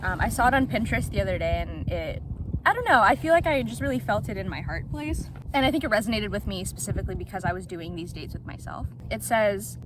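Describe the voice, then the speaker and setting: A woman's voice: medium pitch, quick pace. A woman of twenty-seven chatting casually on her vlog, bubbly and giggly, filming on a phone in a car and by the ocean. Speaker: vlogger. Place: in a car, then outdoors by the ocean. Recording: outdoor ambience with steady background noise.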